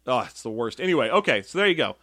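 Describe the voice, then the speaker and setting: A young man co-hosting a tabletop gaming podcast, chatting casually with animated, jokey asides. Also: medium pitch, fast, dry recording, studio quality. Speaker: podcast co-host. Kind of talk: casual chat.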